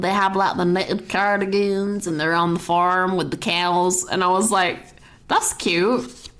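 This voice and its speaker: A woman's voice: medium pitch, fairly bright tone. A young woman streaming a casual, sweary, rambling movie rant full of "like"s.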